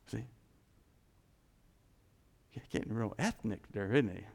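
A man preaches in a church with an animated, joking delivery, slipping into voices as he teaches. His speech swings widely up and down and carries a gravelly grain. The sound rings with the long reverb of a large hall. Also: a little high, moderate pace. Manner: animated, jokey, acts out God's voice. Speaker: pastor. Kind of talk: sermon. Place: church sanctuary.

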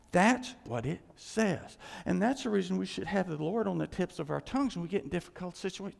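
Male pastor mid-sermon, high and lively pitch, animated with hushed asides, church hall reverb. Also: fairly quick, creaky, few pauses. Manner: animated preaching, acting out quoted voices, hushed asides.

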